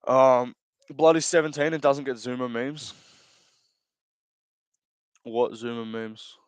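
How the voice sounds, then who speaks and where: A young male streamer chats casually while reading messages from his chat, cracking crude jokes and laughing between lines. He rambles and keeps correcting himself mid-sentence. His voice sits at an ordinary male pitch, and the recording is close and dry. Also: slow pace, smooth, dry recording. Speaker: livestream host.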